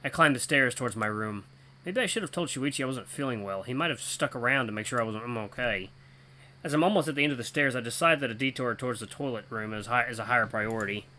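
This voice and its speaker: A man reading a visual novel aloud in a lively, wry way as host of a gaming channel. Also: medium pitch, quick pace. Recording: faint guitar music behind.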